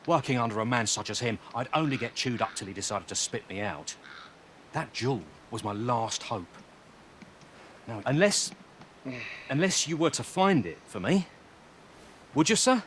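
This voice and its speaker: A man's voice: mid-range voice, lively intonation, normal speed, pauses often, fairly bright tone, slight background noise, natural voice. A man playing a frightened, pleading courier. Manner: pleading, old-fashioned speech. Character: anxious male courier fearing his cruel master.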